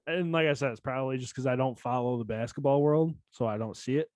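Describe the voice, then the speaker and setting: A man's voice: mid-range voice, fast, a little mellow, no echo. A laid-back man chats on a sports podcast in an ordinary mid-range voice. The sound is close and dry. He plays down his own opinions and speaks in blunt slang. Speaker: podcast co-host. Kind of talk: casual sports chat.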